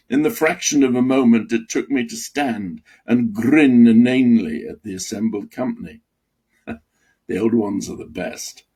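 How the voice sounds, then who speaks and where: A man reading aloud from his own memoir with expressive, dramatic storytelling. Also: medium pitch, slightly rough.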